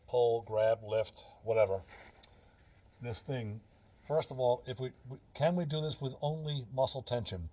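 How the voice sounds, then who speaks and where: A man's voice: medium pitch, mellow. A man in a casual instructional vlog, explaining earnestly step by step and repeating his key phrases. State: out of breath. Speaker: fitness and breathing instructor.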